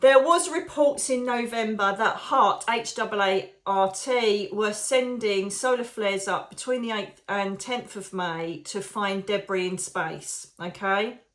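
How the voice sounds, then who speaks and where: A woman from the UK hosting her psychic medium show, chatting warmly to viewers, digressing often and calling them darling. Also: medium pitch, takes it slowly, hardly any pauses. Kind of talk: casual chat to viewers.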